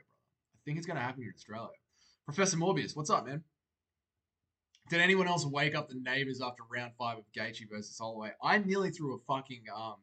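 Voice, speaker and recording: A young man hosting a livestream, reading viewers' comments aloud and answering them in a relaxed, chatty way. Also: mid-range voice. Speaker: livestream host. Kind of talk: casual chat reacting to live chat.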